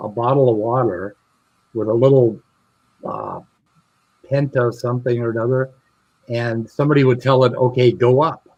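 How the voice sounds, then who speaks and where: A middle-aged man with a slightly husky, breathy voice, talking in a plain, challenging way with a touch of humor. The sound is dry and close, with no room echo. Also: medium pitch, darkish tone. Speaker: interviewer. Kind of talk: casual conversation.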